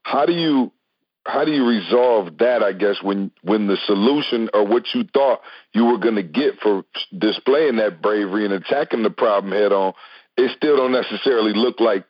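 Husky man asking halting questions. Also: on the low side, dull audio. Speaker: podcast co-host. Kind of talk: casual podcast talk.

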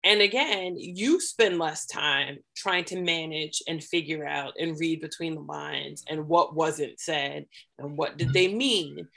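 Woman guest on a call, lowish voice, calm and deliberate, explaining things step by step. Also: creaky. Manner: measured, deliberate, building points step by step. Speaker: podcast guest, parenting and self-care speaker. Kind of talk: explanatory conversational advice.

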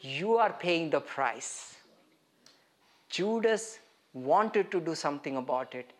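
Preacher guy, fairly high voice, keeps firing questions at the room, lively. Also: takes it slowly. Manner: animated, questioning the listeners directly. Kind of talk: interactive sermon teaching.

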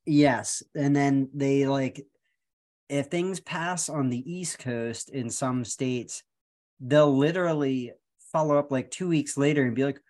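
A man on a casual podcast who talks at a middling pitch, wanders through his explanations and drops in dry one-liners. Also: takes it slowly, darkish tone. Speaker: podcast co-host. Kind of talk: casual chat.

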